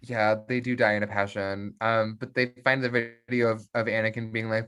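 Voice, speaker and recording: A podcast co-host chatting casually and retelling a film, with lively delivery and quick character voices when quoting. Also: medium pitch, clear, resonant tone. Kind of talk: casual chat, recapping a film.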